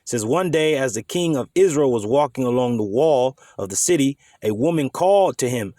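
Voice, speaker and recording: A man's voice: mid-range voice, lively intonation, a little fast, few pauses, dark tone, no room sound. Dry, close-miked man teaching scripture. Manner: emphatic, conversational, swears casually. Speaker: bible teacher.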